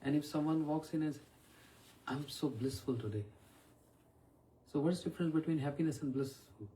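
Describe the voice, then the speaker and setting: A man's voice: a little high, fairly quick, warm tone, a little hiss or hum. A man, a spiritual teacher giving an evening question-and-answer talk and often asking his listeners questions. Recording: voice from far off the mic.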